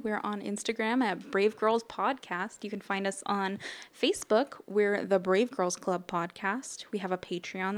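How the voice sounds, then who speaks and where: A woman co-hosting a podcast in casual chat, breezy and quick to laugh. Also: mid-range voice. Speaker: podcast co-host.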